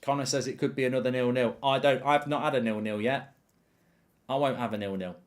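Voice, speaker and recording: A man's voice: mid-range voice, fairly even intonation, a little fast. A man hosting a live football watchalong, ranting animatedly and swearing freely while telling an anecdote. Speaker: host.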